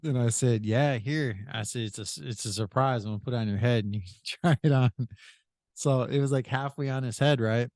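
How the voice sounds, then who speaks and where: A male podcast host spins a rambling story, looping back with "I said" and chuckling along the way. His voice sits at a middle pitch, and the recording is dry and close. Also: brisk, a little mellow, dry recording. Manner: retells with many "I said", laughs often. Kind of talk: casual storytelling.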